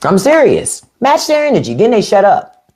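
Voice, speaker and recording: Her medium-pitched, mellow voice swings hugely in pitch at a moderate pace. A podcast host on a live stream, she talks to viewers bluntly and profanely in unfiltered commentary, picked up by a phone or webcam.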